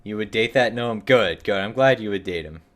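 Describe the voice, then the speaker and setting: A young man talks his viewers through a game in a loose, joking stream chat, his voice sitting a little low. He keeps it chatty and relaxed, now and then slipping into a playful put-on accent for the characters he meets. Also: moderate pace. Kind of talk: casual live-stream gameplay chat.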